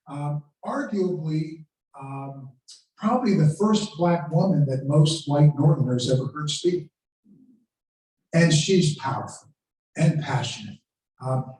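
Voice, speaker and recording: A man tells history as a lecture, building dramatic stories and acting out quoted speeches with real feeling. His dark, mellow voice carries through a very echoey room. He sounds set back from the microphone. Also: on the high side, far from the mic. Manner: storytelling, dramatic quoting of speeches. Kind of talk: history lecture to a live audience. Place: lecture room at a country club.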